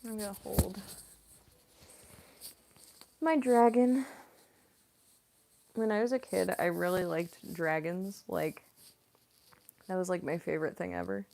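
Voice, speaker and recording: A woman's voice: lowish voice, steady tone, slow pace, gravelly, pauses often, darkish tone. A young woman voice actress chatting casually on a livestream Q&A, rambling and using lots of fillers. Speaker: voice actress and streamer.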